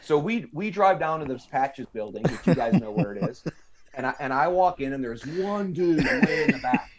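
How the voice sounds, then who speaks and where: A man's voice: on the high side, very animated, normal speed, a loud crowd. An American man in his fifties, a podcast guest telling a long story in casual talk, acting out the voices of people he quotes. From United States. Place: podcast studio.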